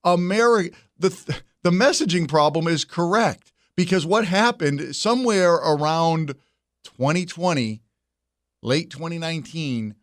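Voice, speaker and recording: Sarcastic guy ranting about politics, slightly high voice, dead dry studio sound. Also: expressive, a little slow, no echo. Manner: mocking, sarcastic, conversational. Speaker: political commentary host.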